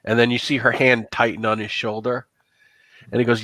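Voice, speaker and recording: A man's voice: mid-range voice, level tone, fairly quick, pushed and bright, dry recording. Casual game master man narrating. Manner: casual, filler-heavy narration. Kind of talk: narrating a tabletop horror game.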